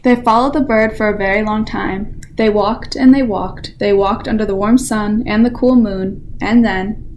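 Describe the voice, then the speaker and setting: A teenage girl volunteer reading a children's picture book aloud with expressive storytelling. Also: mid-range voice, normal speed, a little hiss or hum. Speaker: library volunteer reader.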